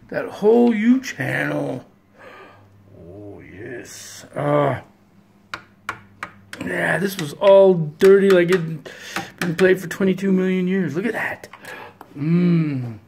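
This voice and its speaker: Casual vlog voice, leisurely talker, chatty, thinks aloud, excitable, slight background hiss. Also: mid-range voice, vocal fry. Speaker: pinball hobbyist showing a repair. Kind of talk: casual vlog narration to viewers.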